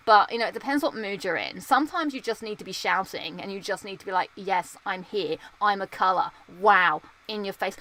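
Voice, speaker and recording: A woman's voice: mid-range voice, pushed and bright. A young woman streaming and chatting casually with viewers, rambling and playful, full of fillers and restarts, often laughing at herself. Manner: playful, self-mocking. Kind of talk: casual chat.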